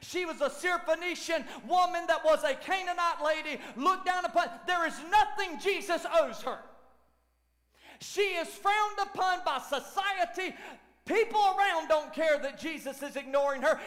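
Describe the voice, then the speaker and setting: Man, lead pastor, sermon, shouts and near whispers, very high pitch, echoing church hall. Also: a little slow. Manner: animated preaching, shouting at peaks and dropping to near whispers. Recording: long church hall reverb.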